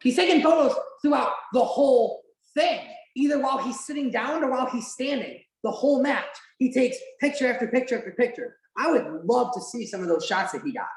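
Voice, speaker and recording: A woman's voice: a little high, lively intonation, a little fast, few pauses. A woman hosting a podcast, chatting casually and animatedly during a watch-along, with lots of "like" fillers and the odd swear. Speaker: podcast host. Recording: roomy echo.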